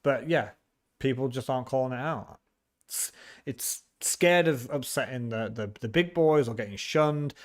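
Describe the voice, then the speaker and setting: A man's voice: mid-range voice, a little slow. Casual male streamer, mid-range voice, banters with chat and restarts his sentences. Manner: chatty, teasing, laughs often, frequent restarts. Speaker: livestream host. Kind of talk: casual livestream chat reading viewer comments.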